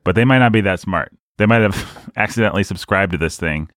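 A man's voice: low voice, brisk, a bit bright, no room sound, clean studio sound. A man hosting a casual book podcast, playful and rambling in his jokes, tired from a sleepless night. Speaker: podcast host.

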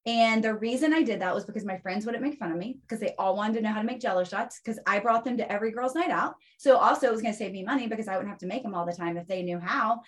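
With a voice on the high side, a woman being interviewed on a casual podcast relates stories with animation. She often tags her points with "right?".

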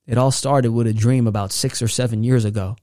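A man hosting a motivational podcast, speaking in a preachy way that keeps building excitement. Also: medium pitch, fairly quick, no room sound, clean studio sound. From New York. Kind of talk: motivational speech.

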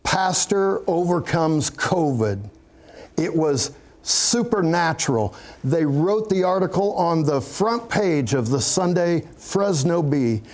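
A man with a somewhat high voice tells his story at an unhurried, deliberate pace. He is a pastor giving an earnest testimony in an interview, breaking into small chuckles as he goes.

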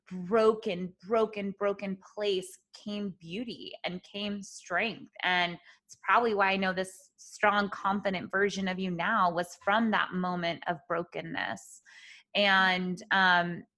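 Bright-voiced woman podcast host. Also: mid-range voice, steady tone, takes it slowly. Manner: reflective, rambling, many "you know" fillers. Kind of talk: conversational interview.

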